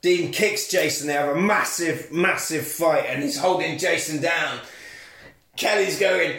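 A man co-hosting a casual chat, retelling a film with animated, shouted bits of the characters' lines. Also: a little high, moderate pace, reverberant. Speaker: podcast co-host.

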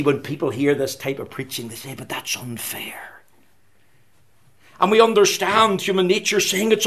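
A man preaching a fervent evangelistic sermon, rising to loud declarations and dropping to hushed, whispered scripture quotes. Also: mid-range voice.

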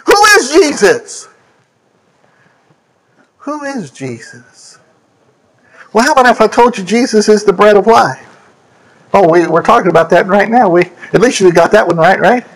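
A high-voiced man delivers a sermon. He leans hard on single words and sweeps from loud, high lines down to hushed low ones, stopping now and then to fix a verse number. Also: fairly quick, low-quality recording. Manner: emphatic, swooping between high and low; scripture quotes and self-corrections. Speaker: preacher.

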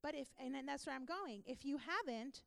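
A woman's voice: sits high, expressive, brisk, gravelly, no room sound. A woman pastor teaching a church class, earnest and emphatic, asking her listeners questions.

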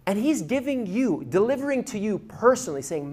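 A man preaching a sermon as a pastor, animated, getting loud and quick when he tells a story, with restarts. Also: sits high. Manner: animated, grows loud and fast in stories, with restarts.

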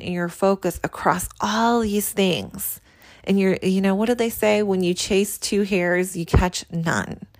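A woman's voice: mid-range voice, no echo. A woman hosting a solo podcast, coaching listeners in an earnest, direct way and repeating points for emphasis. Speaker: podcast host and spiritual coach. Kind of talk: motivational solo podcast talk.

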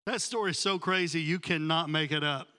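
His voice fairly high and clean, a pastor speaks a little fast as he tells a lively sermon story and acts out the characters' voices. The recording has a big-room sound.

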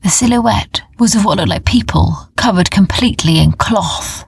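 Husky-voiced woman reading a bedtime story. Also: mid-range voice, moderate pace, no echo, clean studio sound. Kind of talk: children's story narration.

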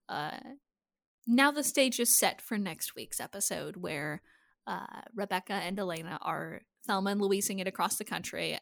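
A woman's voice: medium pitch, creaky, no echo, clean studio sound. A woman co-hosting a podcast, recapping a TV episode in casual chat and swearing freely. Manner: profane, animated, laughing often. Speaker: podcast co-host.

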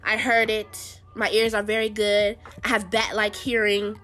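A woman's voice: mid-range voice, monotone, measured pace, pushed and bright, soft background music. A woman hosting a show, giving casual pop-culture commentary in a blunt, sassy way and talking straight to her viewers. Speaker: show host.

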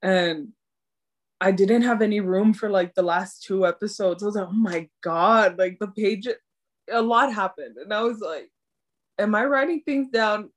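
A young woman with a mid-range voice chats about the episodes she has watched. She gushes in an excitable way and keeps quoting the reactions she had while watching. The whole exchange is easygoing and conversational. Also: medium pitch, measured pace. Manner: gushing and excitable, quotes her own reactions. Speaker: podcast co-host. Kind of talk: casual chat recapping a drama.

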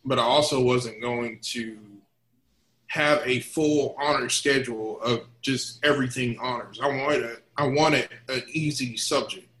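A man's voice: mid-range voice, a little slow. A man in his thirties, co-hosting a casual podcast chat and telling stories with acted-out quotes. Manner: animated storyteller, acts out quotes. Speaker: podcast co-host. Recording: roomy echo.

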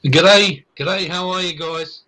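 A man with a New Zealand accent, calling in as a quiz contestant in a relaxed, friendly way. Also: sits high, slow, low-quality recording. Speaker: caller contestant.

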